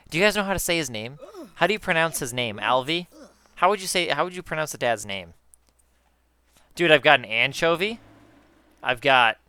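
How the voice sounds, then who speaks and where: A man in casual chat with viewers while gaming, excitable, swearing often and calling his viewers guys. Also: on the high side, no room sound. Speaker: gaming YouTuber.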